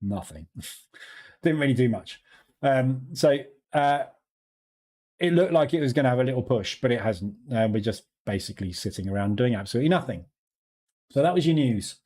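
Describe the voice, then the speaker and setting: A man greets his live trading stream's viewers by name, chatting informally and laughing easily into a studio mic. His medium-pitched voice is expressive and darkish, at normal speed with frequent pauses.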